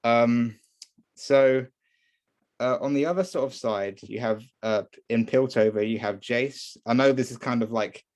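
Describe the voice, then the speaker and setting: A man's voice: medium pitch, unhurried, darkish tone. A man casually recapping a TV episode, hesitant, with many fillers and restarts. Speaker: show reviewer.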